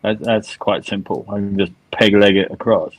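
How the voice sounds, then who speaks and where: A man's voice: lowish voice, steady tone, normal speed, a crowd in the background, low-quality recording. A man chatting casually on a livestream, swearing constantly and laughing often. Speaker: guest on a livestream. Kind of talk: casual chat. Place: on holiday abroad.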